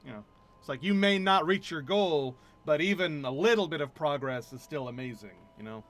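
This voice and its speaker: A male streamer talking loosely over his gameplay, rambling and self-amused. His voice is high and bright. The pitch jumps around a lot as he chats. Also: lively intonation, normal speed, faint music behind. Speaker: game streamer. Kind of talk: casual gameplay commentary.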